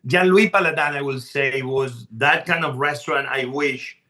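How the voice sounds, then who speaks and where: A man, a chef appearing as a podcast guest, telling stories in an animated, emphatic way and often restarting his sentences. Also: mid-range voice, normal speed. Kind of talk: casual podcast storytelling.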